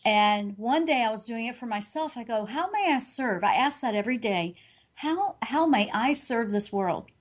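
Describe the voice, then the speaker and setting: A middle-aged woman talks as a guest in an interview. Her voice sits a little high, and she tells her story earnestly and animatedly. She often restarts and corrects herself as she goes. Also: animated, moderate pace. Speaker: guest, intuitive reader.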